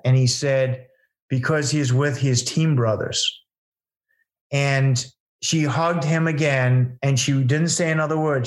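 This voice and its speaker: A man telling stories about his event in a conversational interview, earnest and rambling, with many fillers and restarts. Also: mid-range voice. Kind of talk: casual storytelling in an interview.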